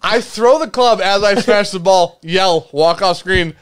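A man's voice: sits high, unhurried, clean tone. A man co-hosting a whiskey tasting live stream, boisterous and joking, swearing often in casual banter.

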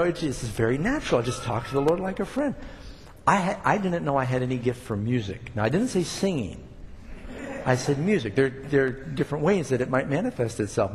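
A man's voice: mid-range voice, in a large hall, slight background noise. An older man preaching a sermon, talking casually to the congregation and building up emphatic points. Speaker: pastor.

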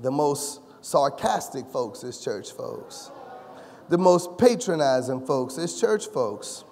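A male pastor preaching a sermon, joking with the congregation and rising to shouts. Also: medium pitch, expressive, slow pace. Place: church sanctuary. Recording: long reverb of a church hall.

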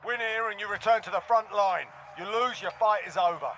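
An actor voicing a gruff male military announcer in a video game, giving curt commanding callouts. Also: high-pitched, fairly quick, soft background music. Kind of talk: in-game voice lines. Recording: loud game noise behind.

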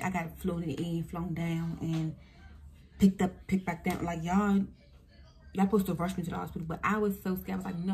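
Young woman, casual storytime vlog, lowish voice, animated and profane, faint background hum. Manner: animated, profane, talks straight to viewers. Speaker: vlogger.

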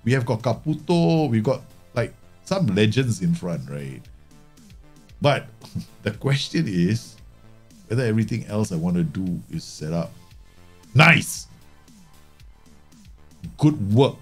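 A man streaming a football management game, chatting casually and joking, swearing now and then, and breaking into loud mock match commentary. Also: lowish voice, measured pace, long pauses, soft background music. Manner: excitable, jokey, swears, bursts into mock match-commentator shouts.

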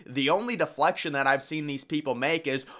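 Brief: man, slightly high voice, sarcastic solo political commentary. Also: brisk, a bit bright. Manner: opinionated, sarcastic, mocking impressions.

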